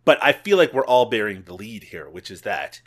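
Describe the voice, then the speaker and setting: A man hosting a comedy movie podcast, playful and quick to laugh. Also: lowish voice. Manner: animated, laughs often, playful. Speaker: podcast host. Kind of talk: casual banter and movie recaps.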